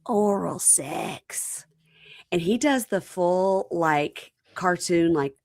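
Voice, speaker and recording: Woman, podcast host, casual recap chat, lowish voice, dry close sound. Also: takes it slowly, dry recording. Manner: animated retelling with quoted voices.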